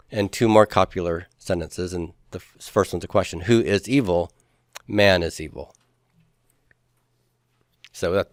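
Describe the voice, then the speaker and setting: A man's voice: on the low side, dry recording, clean studio sound. A man teaching a Hebrew grammar class who explains each step patiently and puts questions to his students. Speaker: Hebrew instructor.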